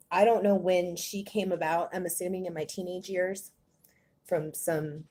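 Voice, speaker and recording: A woman born in Germany, speaking hesitantly with many pauses in a personal confessional vlog, a little out of breath. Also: on the low side, warm tone. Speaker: vlogger.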